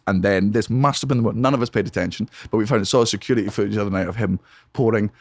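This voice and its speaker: Excitable, swearing male storyteller. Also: fairly low pitch, no echo. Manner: rapid, profane, excitable storytelling with frequent swearing. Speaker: podcast guest, comedian. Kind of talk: animated anecdote telling. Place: home studio man cave.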